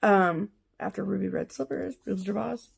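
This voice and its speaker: A woman's voice: medium pitch, moderate pace, vocal fry, husky. A woman co-hosting a casual chat show, telling a long rambling story full of fillers and asides. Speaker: co-host of a cross-stitch show.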